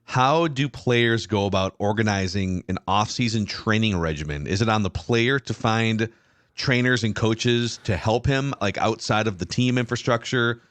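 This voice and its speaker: A man with a lowish voice co-hosting a casual football podcast, easy and conversational with lots of "dude" and "like". He reads listener questions plainly. The sound is dry and close. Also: moderate pace, fairly bright tone, no room sound. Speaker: podcast co-host.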